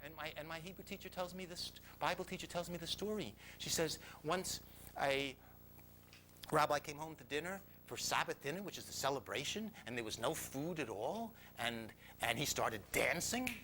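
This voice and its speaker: A man recounts a personal story to a live audience in a confessional way, dropping to hushed tones and then rising loudly, often laughing. His voice sits a bit high and sounds bright and forceful, with faint noise underneath. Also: expressive, normal speed, poor audio.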